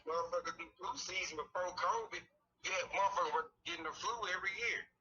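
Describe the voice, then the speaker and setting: A man's voice: high voice, quick pace, bright, forceful tone. A man in his thirties in casual conversation as a podcast guest, rambling and cursing freely. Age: 30s. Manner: rambling storytelling with frequent cursing. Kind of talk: casual chat. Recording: distant, thin lo-fi mic with faint hiss.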